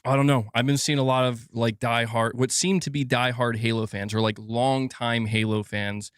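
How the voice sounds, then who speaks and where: A man's voice: mid-range voice, no echo, clean studio sound. A man hosting a casual gaming news livestream, reading donations aloud and joking and laughing with his chat.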